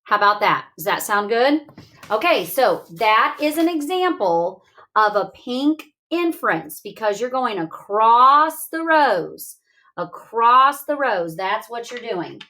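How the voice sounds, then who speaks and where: In a classroom literacy lesson, a woman with a high-leaning, sing-song, pushed and bright voice walks young students through examples. She speaks slowly and coaxingly, posing questions aloud.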